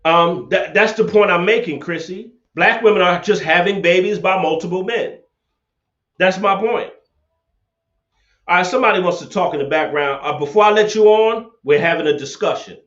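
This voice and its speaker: A high-sitting, slightly bright male voice at a moderate pace leads a livestream call-in debate. He rants in a confrontational, preachy way, restating his points over and over. Recorded on a laptop webcam, the audio is dull, lo-fi and echoey.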